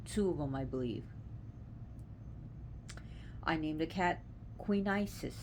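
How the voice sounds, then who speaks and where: A woman with a somewhat low voice talks casually and earnestly. Her delivery is lively and conversational, with a faint hiss of noise underneath. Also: slow pace. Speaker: host. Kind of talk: casual devotional talk.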